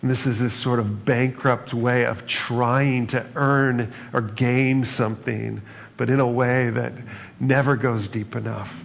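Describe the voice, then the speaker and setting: A man's voice: medium pitch, vocal fry. A man preaching a sermon in a conversational, reflective way, often adding "right?" and "like" as he talks. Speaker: pastor. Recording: dull, lo-fi sound with long reverb.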